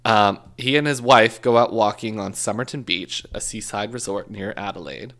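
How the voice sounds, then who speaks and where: Gravelly-voiced man telling a true crime story. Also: on the low side, moderate pace, fairly bright tone, a little hiss or hum. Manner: joking storyteller, swears, self-corrects. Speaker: podcast co-host telling a true crime case. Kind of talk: casual chat.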